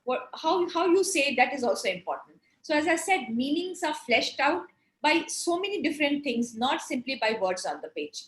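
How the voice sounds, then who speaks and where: A woman lecturer talks through ideas with frequent restarts and fillers. Her voice sits high, and the room adds a clear echo. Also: very animated, normal speed, fairly bright tone. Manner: explanatory, many fillers and restarts. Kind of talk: online lecture with Q&A.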